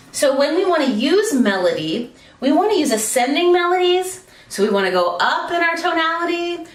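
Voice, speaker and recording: A woman teaching speaking skills, demonstrating how her pitch rises and falls as she explains. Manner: demonstrates pitch changes, swooping between high and low tones. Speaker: speaking coach. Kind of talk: instructional talk. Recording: roomy, slightly distant mic.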